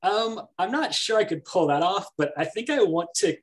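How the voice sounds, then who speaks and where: A man with a fairly high voice plays a tabletop game, replying in a calm, easygoing manner. His tone stays friendly and unhurried. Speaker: player. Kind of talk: casual chat in a tabletop game.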